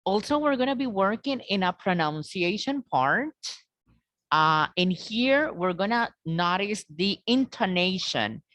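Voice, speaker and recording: Slow-talking woman teacher on a video call. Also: mid-range voice, expressive, fairly bright tone, dry recording. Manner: patient, repeats and checks with students. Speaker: English teacher. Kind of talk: online class instruction.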